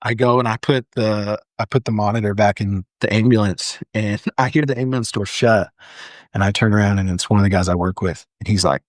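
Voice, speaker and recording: A young firefighter, appearing as a guest on a podcast, candidly tells a personal story in an interview. He's earnest, speaking briskly in a lowish voice with fairly even intonation, and uses frequent "like" fillers and restarts. The recording is dry and studio quality.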